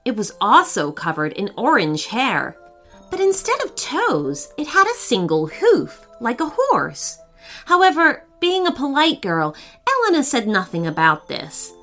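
A woman narrating a children's story in a gentle, expressive reading voice. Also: on the high side, a little slow, soft background music.

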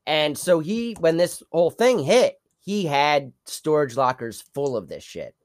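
A man's voice: a little high, animated, a little slow. A man from New York co-hosting a podcast, speaking bluntly in casual chat and swearing freely. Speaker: podcast co-host.

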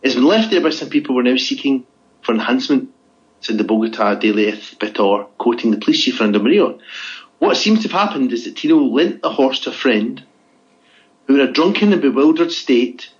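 A man's voice: medium pitch, animated, a little fast. A man co-hosting a podcast, reading out odd news items in casual chat with a dry, teasing manner and lots of "okay?" tag questions. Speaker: podcast co-host. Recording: dull lo-fi audio.

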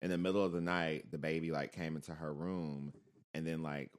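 A man's voice: a bass voice, a little fast. A man in casual conversation, telling family stories and acting out the voices of the people he quotes. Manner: animated storyteller who acts out quoted relatives. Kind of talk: casual chat.

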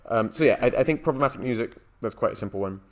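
A man's voice: mid-range voice, rapid-fire. A man co-hosting a casual podcast discussion, thinking aloud with many hedges and fillers. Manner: thoughtful, hedging, frequent "like" and "um". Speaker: podcast co-host.

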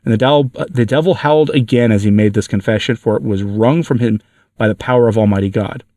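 A man reading a devotional story aloud for a podcast, earnest and measured, with small slips. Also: on the low side, mellow, no echo, studio quality, far from the mic. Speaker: podcast narrator.

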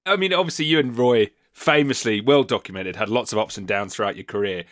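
A male podcast host asking an interviewee measured, considered questions. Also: mid-range voice, a bit bright, no echo, clean studio sound.

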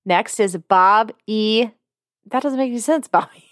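A woman co-hosting a podcast in casual chat, chatty and quick with asides as she reads names and notes aloud. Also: mid-range voice, fairly bright tone, dry recording, clean studio sound. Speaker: podcast co-host.

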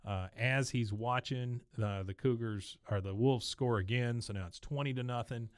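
A man's voice: mid-range voice, moderate pace, clean tone, dry recording, clean studio sound. A man hosting a podcast, casually recapping a show and telling the story in a chatty way. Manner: chatty, storytelling, acts out voices. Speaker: podcast host. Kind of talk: casual episode recap with acted voices.

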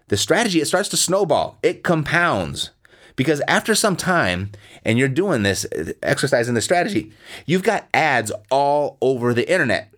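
A man's voice: mid-range voice, fairly bright tone. A man coaching listeners on real estate investing in a blunt, emphatic way, repeating points for stress. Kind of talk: instructional talk.

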